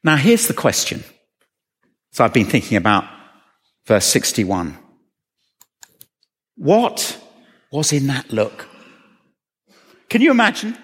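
A man's voice: medium pitch, huge pitch swings, slow, pauses often, fairly bright tone, husky. A man preaching a sermon, earnestly asking questions and repeating phrases for emphasis. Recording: long reverb of a hall.

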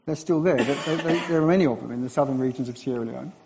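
A man from England, a visiting preacher, giving a sermon with animated storytelling and self-deprecating asides. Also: medium pitch, quick pace, gravelly. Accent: English. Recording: dull recording with long church reverb.

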